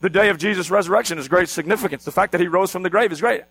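A man's voice: high voice, racing, gravelly, a bit bright, no room sound, low-quality recording. A man preaching a sermon as pastor, teaching with energy and often asking the congregation questions.

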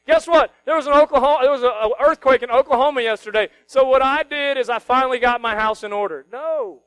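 A male pastor preaching a sermon, switching between quiet earnest stretches and loud mocking outbursts. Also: very high-pitched, quick pace, hardly any pauses, smooth, no room sound, low-quality recording. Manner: animated, mocking voices of worried people, rising to shouts.

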